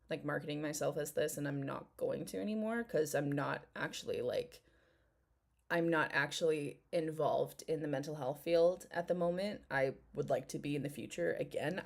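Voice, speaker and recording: Low-voiced woman giving candid commentary. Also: a little mellow. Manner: candid and opinionated, hedging with fillers. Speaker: commentary vlogger. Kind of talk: casual commentary chat.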